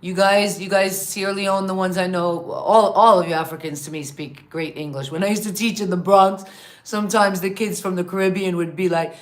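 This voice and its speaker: A woman's voice: on the low side, fairly even intonation. A woman hosts a casual interview in an eager tone. She keeps agreeing with her guest and asks loose, chatty questions. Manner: eager, affirming, quick to agree. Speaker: host.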